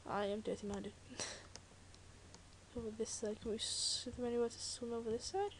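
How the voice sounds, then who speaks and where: In an unhurried way, a British teen girl narrates her video game for a Let's Play, her fairly high voice keeping a fairly even intonation. The talk is chatty and jokey with rambling asides, and loud keyboard typing and clicks come through clearly.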